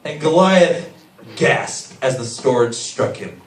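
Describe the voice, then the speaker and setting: A man's voice: mid-range voice, big pitch swings, slow pace. Playful man co-narrating a kids' skit. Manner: playful, with joking asides to the kids. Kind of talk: animated Bible story narration for children. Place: church hall with children. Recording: echoey hall, far mic, loud crowd and noise.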